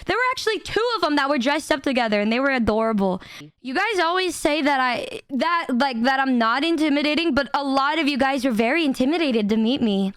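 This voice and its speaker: A young woman streamer telling a story to her chat in a casual, animated way, laughing often and swearing freely. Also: high-pitched, brisk, no echo, studio quality.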